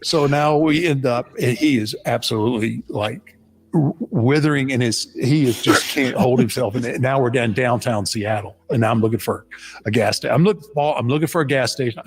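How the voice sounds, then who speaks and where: A man casually telling a funny road-trip story with lively delivery, often laughing. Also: normal speed, a little hiss or hum. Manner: animated, mimics friend in high voice, laughs a lot. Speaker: podcast guest.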